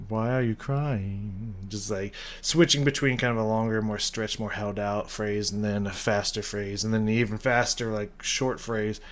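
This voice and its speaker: A man's voice: fairly low pitch, fairly even intonation, normal speed, few pauses. A man casually reacting to and breaking down a song, rambling with enthusiasm, humming melody bits and swearing casually. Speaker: music reaction channel host.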